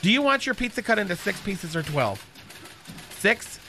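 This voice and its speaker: A flamboyant, catty male receptionist gossips through one-sided phone chats, sharp and bright in tone, as a man acts him out. His voice sits high and lilting for a man. It is a radio comedy sketch bit. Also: big pitch swings, moderate pace, slight background noise, full character voice.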